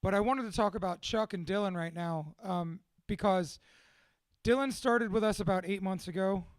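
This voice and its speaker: A man's voice: high voice, normal speed, no echo. A man who runs a tattoo studio, talking casually and with a lot of swearing to a room of people at a gathering he hosts. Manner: profane, excitable, heartfelt. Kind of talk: casual live talk to a room. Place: room with an audience.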